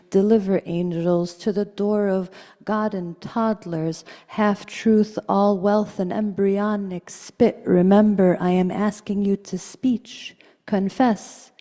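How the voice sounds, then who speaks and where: A woman poet giving a live poetry reading at a gallery, slow and incantatory, repeating words like a chant. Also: mid-range voice, dark tone, in a large hall. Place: art gallery event space.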